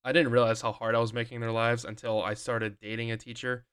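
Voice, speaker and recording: A man's voice: medium pitch, little pitch movement, brisk, fairly bright tone, clear, resonant tone. A young man co-hosting a podcast, telling rambling stories in casual chat with lots of fillers and restarts. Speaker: podcast co-host.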